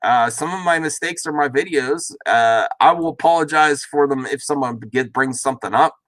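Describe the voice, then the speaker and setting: A man's voice: fairly high pitch, normal speed, a bit bright, dry recording. A man hosting a reaction video, talking in a casual, rambling way with frequent restarts and asides. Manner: rambling, self-interrupting, chuckling asides. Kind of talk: casual commentary. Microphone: worn face mask while talking.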